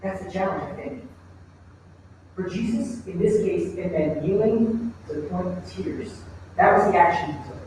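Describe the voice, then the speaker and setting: A man with a high-sitting, darkish voice preaches a sermon as a pastor, speaking at normal speed in a conversational way and posing rhetorical questions to the congregation. He's in a church sanctuary, recorded from a distance in an echoey hall, with a little hiss or hum in the background.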